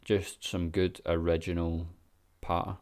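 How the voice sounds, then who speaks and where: A man's voice: low voice, little pitch movement, unhurried, darkish tone. A Scottish man giving laid-back, sweary reaction commentary with lots of ums and chuckles. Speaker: vlogger.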